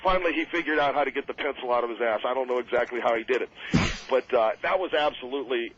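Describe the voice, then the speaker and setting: A man telling road stories as a guest on a radio show, rambling and animated, laughing at his own tales. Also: mid-range voice, quick pace. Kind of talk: casual radio interview storytelling. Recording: muffled old radio broadcast.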